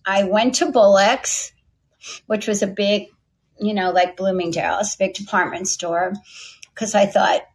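A middle-aged woman, a company founder, telling a long story from her past in a chatty, lively way, acting out the voices of people she quotes. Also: medium pitch, unhurried. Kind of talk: storytelling interview answer.

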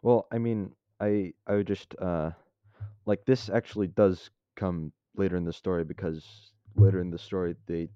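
A man's voice: deep voice, steady tone, moderate pace, smooth, no echo. A young man co-hosting, chatting casually in a hesitant, rambling way with many restarts. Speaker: co-host and co-author. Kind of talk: casual chat. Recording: dull lo-fi dry sound.

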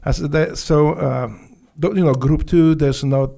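A man with a gravelly, dark voice and a Polish accent tells his stories as a guest in an interview. He swears freely, restarts his sentences and speaks broken English. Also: fairly high pitch, steady tone. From Poland. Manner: blunt, profane, halting with restarts and broken English. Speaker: guest, former Navy SEAL. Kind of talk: casual storytelling interview.

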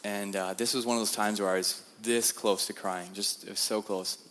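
A young man, a guest speaker, giving a sermon-style testimony in a church, telling his story in an animated way with many repeated words. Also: lowish voice, normal speed. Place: church sanctuary. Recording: reverberant church hall.

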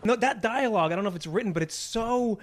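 A man on a film podcast, talking in an animated way and often agreeing with a laugh. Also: high-pitched, fast talker, over a noisy crowd, very noisy. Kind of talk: casual film discussion.

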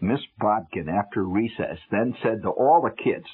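A man telling a humorous first-person story on the radio, wry and animated, swinging from loud to hushed. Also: fairly low pitch, moderate pace, slightly rough. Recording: tinny old radio broadcast with music.

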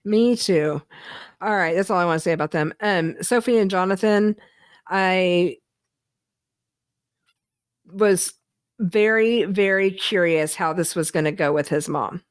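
A woman's voice: on the low side, a little slow, pauses often, no room sound, studio quality. A woman co-hosting a reality-TV recap podcast, talking bluntly with plenty of swearing and frequent laughter. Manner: blunt, profane, laughs often. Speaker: podcast co-host. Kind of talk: casual reality-TV recap chat.

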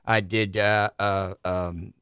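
A man's voice: lowish voice, flat delivery, slow pace, fairly bright tone, clear, resonant tone, no room sound. Man guest, rambling and hesitant with fillers, dry close mic. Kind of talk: casual talk show banter.

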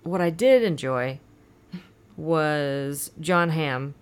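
A woman with a low voice talks in casual conversation. She reacts quickly to the others and steers the talk along. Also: clean tone. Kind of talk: casual chat.

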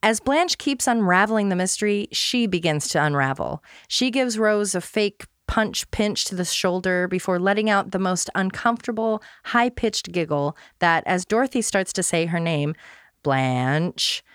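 A woman's voice: lowish voice, moderate pace, few pauses, a bit bright, clean tone, dry recording. Woman host reading a playful recap, dry. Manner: playful, self-deprecating humor. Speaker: podcast host. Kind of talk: scripted recap read aloud.

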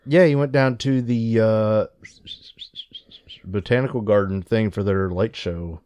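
A man's voice: on the low side, a little slow, darkish tone, dull audio. A man co-hosting a casual podcast, swearing freely in laid-back banter with his friend. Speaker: podcast co-host.

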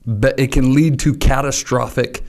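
A man's voice: medium pitch, steady tone, normal speed, a little mellow, slight background noise. A man co-hosting a podcast, chatting in an easygoing, slangy way and backing up his partner. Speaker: podcast co-host. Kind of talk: casual chat with sponsor reads.

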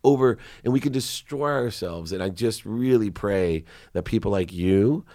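A middle-aged man with a very low, deep voice, talking as a podcast guest. He is earnest and confessional, and he acts out the things he said in his own stories. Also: moderate pace, dark tone. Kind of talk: casual interview chat.

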